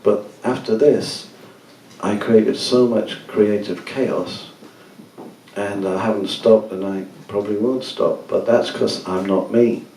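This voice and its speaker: At a gallery book event, a musician tells rambling anecdotes and laughs as he talks casually to the audience. His voice is fairly low, warm and steady, and he speaks slowly. The recording comes from far off in an echoey room, with slight background noise.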